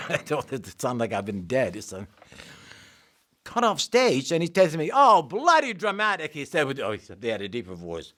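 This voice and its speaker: An older male actor telling backstage anecdotes in an animated way, acting out the other voices. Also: mid-range voice, normal speed. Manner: animated, acts out the voices in his stories. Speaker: actor interviewee. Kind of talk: anecdotal storytelling.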